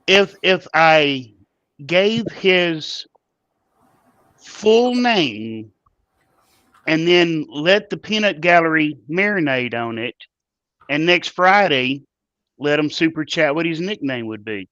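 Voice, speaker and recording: Male player, very slow and bright, stammering; dull, dry remote sound. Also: a little high, expressive, dry recording. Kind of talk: casual chat.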